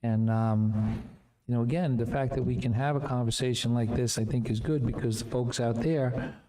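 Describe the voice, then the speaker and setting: A man on a school board speaking in a halting, conciliatory way, with many fillers. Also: mid-range voice, fairly even intonation, mellow, echoey room. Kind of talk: board meeting discussion. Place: meeting room.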